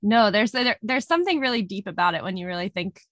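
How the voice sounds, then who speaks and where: A woman's voice: mid-range voice, expressive, quick pace, a bit bright, dry recording. Woman musing on a dry recording. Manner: thoughtful, laughs easily. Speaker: podcast co-host. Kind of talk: casual reflective conversation.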